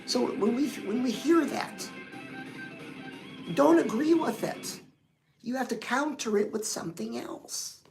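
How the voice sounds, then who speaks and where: A woman's voice: on the high side, expressive, a little slow, creaky, pauses often, over music, poor audio. A woman hosting a livestream pep talk, coaching listeners in a sassy, direct way and calling them "girl". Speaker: host.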